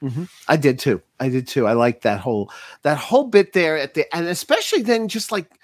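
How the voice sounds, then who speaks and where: A man's voice: fairly high pitch, expressive, brisk, no room sound, studio quality. A man talking about comics and old TV on a podcast, eager, with frequent restarts. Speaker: podcast co-host. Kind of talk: casual comic book discussion.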